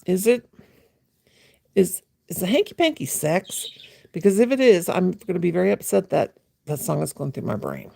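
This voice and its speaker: Hosting a late-night livestream from home, a woman chats in a rambling, playful way, greeting viewers by name. Her fairly low voice is sing-song, creaky, dark and breathy-edged at normal speed, recorded with no echo, and she teases, mimicking a gushing voice.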